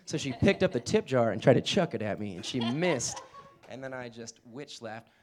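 A young man telling a comedic story on a live show, profane and animated, jumping into loud, high yelling when he acts out the people in it. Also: normal speed. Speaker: guest comic artist.

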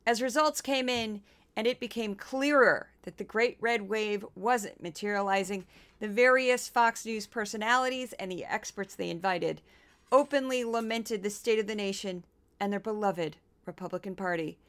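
A woman podcast host from Missouri with a smooth, clean voice at a middling pitch. She chats casually with playful asides, then moves into scripted narration. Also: fairly bright tone. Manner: chatty, quick asides, playful impressions.

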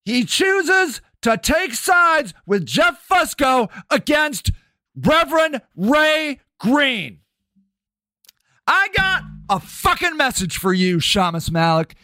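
Furious high-voiced man ranting on a podcast. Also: sing-song, takes it slowly, dry recording, studio quality. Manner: shouting, cursing, heated; plays and comments on clips. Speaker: podcast host. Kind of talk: angry profane rant.

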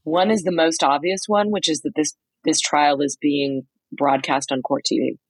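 A woman co-hosting a podcast, telling a lively story in casual chat, acting out quotes with lots of "like"s. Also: low voice, moderate pace, husky, no room sound, poor audio. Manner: animated storyteller, many "like"s, acts out quotes. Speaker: podcast co-host reporting from a trial. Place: motel room.

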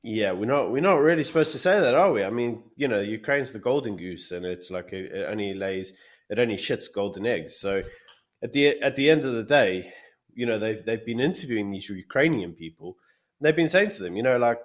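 A man's voice: fairly low pitch, lively intonation, a little fast. A man from South Africa co-hosting a podcast, telling a long story in casual chat and acting out the people he quotes. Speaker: podcast co-host.

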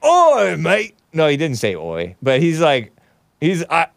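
A male talk show host chats loosely on air, wandering from point to point and correcting himself as he goes. His pitch swings widely and expressively, and the sound is close and dry with no room echo. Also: big pitch swings, normal speed. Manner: rambling, wry asides, frequent self-corrections. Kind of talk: casual call-in show chat.

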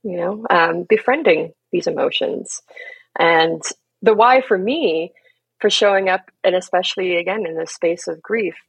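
A gentle, earnest woman coach speaking as a podcast guest. Her lowish voice carries a gravelly, husky edge, and she laughs easily between thoughts. The sound is close and dry, with no room around it. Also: no room sound, poor audio. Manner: gentle and earnest, laughs often, leans on "right?" and "you know". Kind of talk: reflective conversational talk.

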